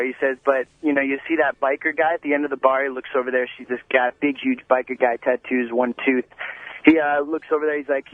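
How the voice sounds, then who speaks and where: A man's voice: mid-range voice, steady tone, quick pace, no echo. A man calling in to a radio show, telling a long joke in a rambling way, full of "you know" and "he's like". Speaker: caller. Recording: tinny phone line.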